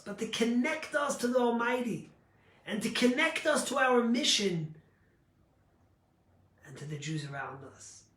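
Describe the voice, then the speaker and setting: A man, a rabbi, giving a sermon and telling a story, emphatic and rising to near shouts on his key points. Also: very high voice, sing-song, unhurried, pauses often, reverberant.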